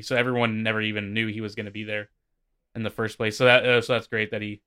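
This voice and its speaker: A man with a smooth, clear, mid-pitched voice talks quickly in a relaxed podcast chat. He often chimes in with short remarks. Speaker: podcast co-host. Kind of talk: casual chat.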